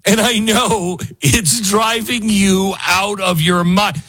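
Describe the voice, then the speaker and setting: A man's voice: high-pitched, takes it slowly, breathy edge. A man hosting a political talk show, giving an opinionated, sarcastic monologue and laughing often. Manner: animated, sarcastic, laughs often and mimics people.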